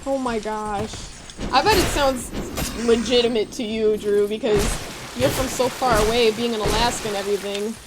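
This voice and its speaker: A young woman with a Midwestern American accent, chatting with her live-stream chat while playing a game, reading messages aloud with excitable reactions. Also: on the high side, moderate pace, heavy background noise.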